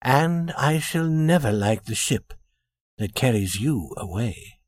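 A courteous young gentleman traveller, as a narrator puts him on, soft-spoken with a lilting, lively pitch. His tone is a little husky. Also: slow pace, dry recording, studio quality.

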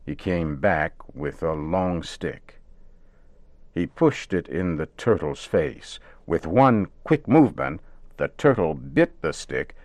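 A man narrating a radio story in measured, simple wording. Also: low voice, animated, darkish tone, no room sound.

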